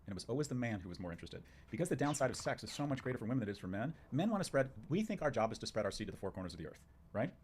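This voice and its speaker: A man's voice: mid-range voice, very animated, very fast, a little mellow, slight background noise. A man speaking as a guest in a conversation, making emphatic, punchy declarations and arguing his points in short bursts. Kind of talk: opinionated conversation.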